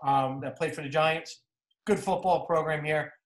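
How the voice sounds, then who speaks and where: A man with a New Jersey accent, a football coach giving a clinic talk over game film in an energetic, repetitive coaching way. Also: a little high, normal speed. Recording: roomy echo.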